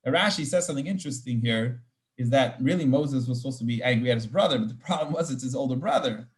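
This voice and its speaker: A man's voice: medium pitch, fast talker. A man, a rabbi, teaching an informal Torah class, explaining verses with Hebrew terms and frequent restarts.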